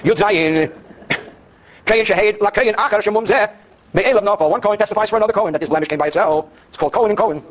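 Students in the room hear a Torah teacher's high, rapid-fire voice during his daily class on Jewish law. He reads from Hebrew passages, translates them, and explains them with a joking touch.

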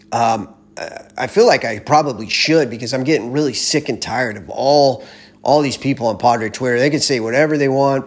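A man ranting casually and bluntly about baseball, with lots of profanity and rambling restarts. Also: medium pitch. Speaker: baseball fan commentator. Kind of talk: casual sports rant.

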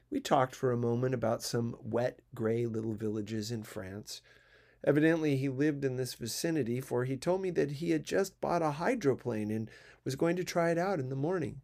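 This literary audiobook features a man with a medium-pitched voice narrating a classic novel. He tells the story in a steady, measured way.

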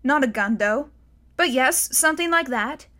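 A woman's voice: high-pitched, lively intonation, normal speed, pushed and bright. A serious, guarded boy, as a woman reader acts him out in a spoken storybook. He hesitates and stumbles over his words, then answers short and firm, in a voice sitting a little above her own. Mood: earnest.

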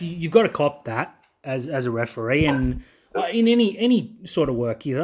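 A man's voice: on the high side, lively intonation, brisk. A man co-hosting a podcast, chummy and easygoing, often restarting his words. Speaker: podcast co-host. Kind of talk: casual podcast chat.

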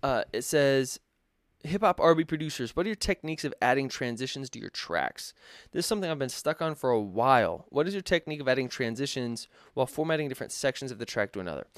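A man's voice: mid-range voice, sing-song, quick pace, dry recording, clean studio sound. A man who produces music, answering viewer questions in a loose, chatty tutorial with many fillers and restarts. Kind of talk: casual tutorial Q&A.

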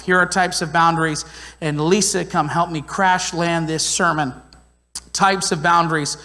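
Pastor guy preaching, pretty high voice, earnest and chatty, big echoey church hall. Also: steady tone, a little slow, bright, forceful tone. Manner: conversational, earnest, emphatic. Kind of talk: sermon. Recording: long hall reverb.

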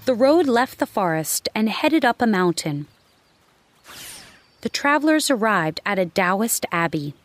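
A woman narrating a children's storybook in a slow, clear reading voice. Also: mid-range voice, sing-song.

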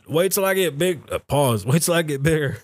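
A man's voice: fairly high pitch, lively intonation, a little fast, no echo. A middle-aged man hosting a podcast, talking in a blunt, ranting, heavily profane way, with a close podcast mic. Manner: blunt, ranting, heavy swearing. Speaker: podcast host. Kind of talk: casual profane commentary.

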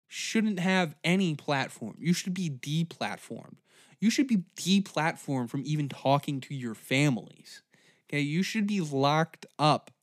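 A man ranting angrily, profane and shouty. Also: a little high, no room sound, clean studio sound. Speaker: comedy podcast host. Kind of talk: angry comedic rant.

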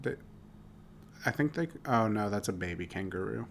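A man's voice: on the low side, expressive, moderate pace, gravelly, slight background noise. A young man co-hosting a casual podcast, teasing his partner and often restarting his sentences. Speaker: podcast co-host. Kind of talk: casual chat.

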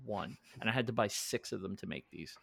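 Animated man in his forties. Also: fairly low pitch, fairly quick, creaky, dry recording. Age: 40s. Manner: animated storyteller, acts out quotes, laughs often. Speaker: podcast co-host. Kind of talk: casual chat.

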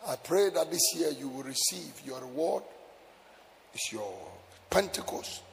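A man's voice: on the high side, expressive, unhurried, gravelly, a little hiss or hum. A male preacher delivering a sermon with emphatic, sing-song exhortation to his congregation. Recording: echoey hall with faint music.

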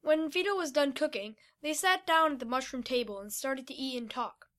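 A woman narrating a storybook with a high, bright voice. Her read-aloud pacing stays steady and clear. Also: normal speed. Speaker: story reader.

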